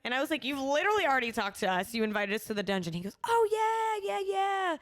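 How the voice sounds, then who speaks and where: A woman's voice: a little high, animated, very fast, fairly bright tone. A woman co-hosting a podcast, telling a story in casual chat, acting out quotes and laughing often. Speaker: podcast co-host.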